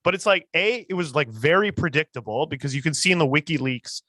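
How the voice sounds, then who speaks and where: High-voiced man ranting fast, swearing. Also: dry recording. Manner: excitable, swears often, trails into restarts. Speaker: podcast co-host. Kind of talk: casual political chat.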